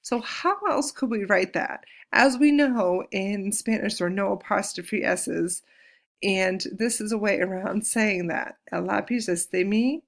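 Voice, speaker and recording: Casting note: woman, Spanish teacher, gravelly edge, patient and clear, slows down to model words. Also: mid-range voice, fairly bright tone. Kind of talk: recorded classroom lesson.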